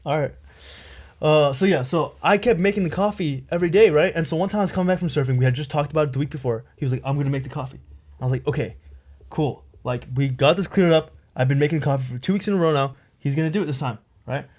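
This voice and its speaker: A man's voice: on the high side, quick pace, a little mellow. A young man on a podcast telling a long personal story in casual chat, rambling and packed with filler words. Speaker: podcast co-host.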